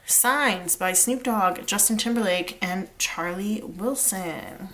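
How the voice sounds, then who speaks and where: A woman with a medium-pitched, fairly bright voice gives a casual pick-a-card tarot reading at a slow pace. She chats and rambles with lots of filler words, sometimes singing bits of song lyrics.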